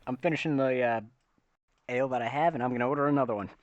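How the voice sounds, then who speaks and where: A man's voice: mid-range voice, rapid-fire, dry recording, lo-fi sound. Playful man playing a tabletop game. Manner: casual, playful in-character banter. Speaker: player.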